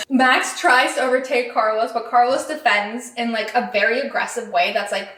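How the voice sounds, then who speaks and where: A woman hosting a podcast, giving an excitable, chatty recap full of "like" and "um". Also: fairly high pitch, moderate pace, reverberant, rough recording. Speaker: podcast host. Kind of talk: casual race recap.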